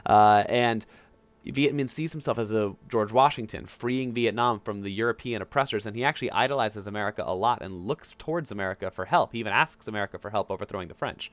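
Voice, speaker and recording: A man's voice: fairly low pitch, fairly bright tone, no room sound, lo-fi sound. A male history teacher giving a casual, conversational recorded lecture over a headset mic. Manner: casual, conversational, acts out historical figures in quick asides.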